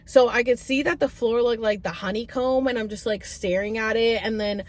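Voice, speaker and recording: A woman's voice: on the high side, moderate pace. A young woman vlogger telling a personal story in casual chat, full of "like" and restarts, acting out her own past voice with sudden squeals and cries. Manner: heavy use of "like" and filler restarts. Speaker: vlogger and spiritual reader.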